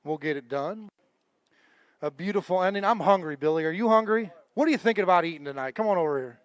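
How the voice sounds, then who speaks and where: A man's voice: sits high, animated, quick pace, no room sound. A man emceeing a fishing tournament weigh-in live, chatting and joking with the anglers and crew. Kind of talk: live event emceeing with casual banter.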